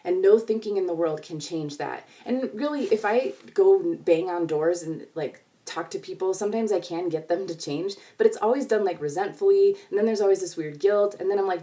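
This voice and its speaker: Mellow-voiced woman vlogging from afar. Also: mid-range voice, normal speed, few pauses, recorded from a distance. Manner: chatty and reflective, many fillers. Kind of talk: casual talk to camera.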